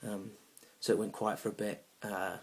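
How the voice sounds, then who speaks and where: A young man telling a comic story about a bad date, awkward and rambling, now and then bursting into loud indignant rants. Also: lowish voice, little pitch movement, normal speed. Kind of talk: deadpan comic monologue.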